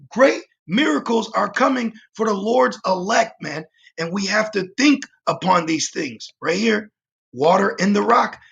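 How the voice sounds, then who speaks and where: A man's voice: high voice, creaky, a bit bright. A man preaching an emphatic livestreamed sermon, reading scripture and often tagging "man" onto his lines, with frequent fillers and restarts. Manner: emphatic, repeats "man" as a tag.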